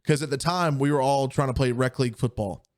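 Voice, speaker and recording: A young man co-hosting a podcast tells a story in casual chat, acting out the people he quotes. He speaks fairly quickly at a medium pitch.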